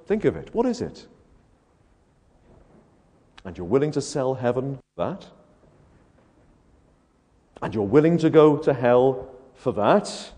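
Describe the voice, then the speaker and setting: A man delivers an evangelistic sermon with a very animated pitch, rising and falling as he presses one rhetorical question after another. His delivery swings between hushed lows and loud, emphatic peaks. The voice rings with the long reverb of a large hall. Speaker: preacher. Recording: echoey hall.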